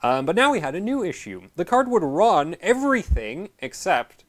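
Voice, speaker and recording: A man's voice: sits high, big pitch swings, normal speed. A man hosting his channel, explaining a repair in a casual, rambling way, correcting himself often and dropping dry sarcastic asides. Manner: rambling, self-correcting, many fillers. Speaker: channel host.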